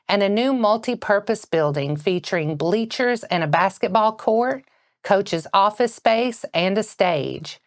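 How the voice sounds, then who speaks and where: A woman anchoring a local morning news bulletin with a Southern American accent, reading in a steady, measured way. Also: medium pitch, no room sound, clean studio sound.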